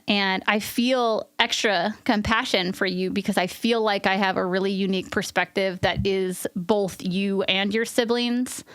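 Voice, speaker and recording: A woman's voice: mid-range voice, fairly bright tone, clear, resonant tone, no room sound. A woman co-hosting a podcast in casual chat, earnest and openly emotional, rambling with restarts. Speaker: podcast co-host.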